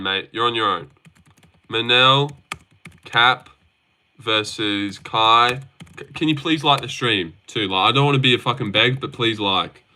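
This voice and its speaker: Brash, bright-voiced young streamer guy. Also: mid-range voice. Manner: brash and profane, banters with chat. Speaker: livestream host. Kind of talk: casual livestream chat reading comments.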